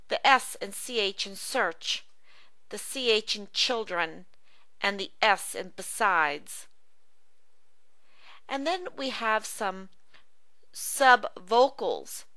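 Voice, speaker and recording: A woman teaching phonics in an online reading lesson, slowly sounding out and repeating words one by one. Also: mid-range voice, sharp tone, no echo. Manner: slow, careful, drawn-out word-by-word teaching.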